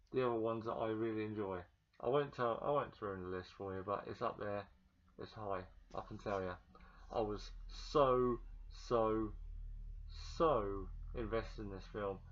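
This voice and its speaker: A man giving a casual, excitable movie review vlog, chatting straight to the viewer and often repeating himself. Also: mid-range voice. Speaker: vlogger. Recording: dull lo-fi recording.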